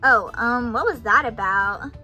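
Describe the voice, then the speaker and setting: A woman playing the mommy in a doll play, talking gently and reassuringly. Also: on the high side, unhurried, soft background music.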